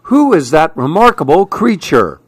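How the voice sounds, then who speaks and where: Brief: a shrill, easily startled parrot for a storybook, squawks far above his usual voice and loud. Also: big pitch swings, normal speed, breathy edge, dry recording, studio quality. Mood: amazed.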